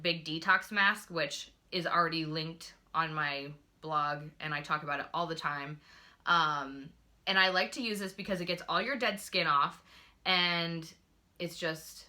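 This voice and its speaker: A woman's voice: fairly low pitch, unhurried, bright, forceful tone. A young woman chatting casually into her phone camera at home, reviewing beauty products with lots of gushing and filler words. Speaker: beauty vlogger.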